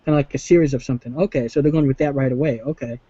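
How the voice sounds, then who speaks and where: Rambling man with a mellow voice. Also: fairly even intonation, rapid-fire, a little hiss or hum. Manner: rambling, acts out quotes in high voices. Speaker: host. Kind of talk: casual chat. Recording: dull lo-fi call audio.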